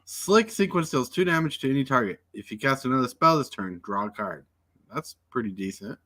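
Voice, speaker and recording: A man's voice: medium pitch, lively intonation, a little fast, fairly bright tone, no room sound, clean studio sound. Guy cohosting a podcast, plain voice, just reads stuff out straight. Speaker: co-host. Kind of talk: casual podcast chat.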